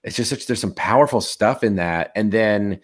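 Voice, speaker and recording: Man in his forties, very deep voice, casual rambling podcast talk, halting delivery. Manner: rambling, halting, many restarts. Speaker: podcast co-host. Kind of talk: casual chat.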